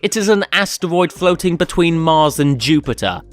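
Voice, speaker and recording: A man's voice: fairly high pitch, animated, moderate pace, faint music behind. A British man delivering a scripted comedy review of an anime in a sarcastic, profane, ranting manner. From Britain.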